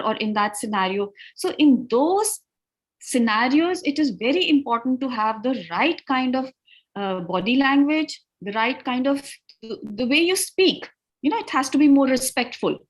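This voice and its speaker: A woman's voice: a little high, poor audio. A woman with an Indian English accent teaches spoken English over a video call, mixing in Hindi and coaching her students. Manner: mixes Hindi into English, asks students to try. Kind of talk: online class, coaching students.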